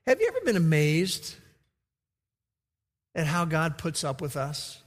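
A man's voice: on the high side, wildly swooping pitch, a little slow. A man preaching a sermon as pastor, emphatic, acting out the quoted lines. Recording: reverberant hall.

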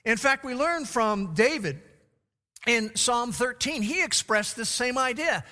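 A middle-aged man preaching a sermon, his voice swelling on quoted scripture and dropping low on grim facts. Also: animated, unhurried, pushed and bright. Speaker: pastor. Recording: long hall reverb.

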